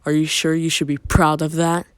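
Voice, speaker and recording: Man doing a cold young man, smug, low, slow menace, dry sound. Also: monotone, smooth, no echo, close to an everyday voice. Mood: menacing.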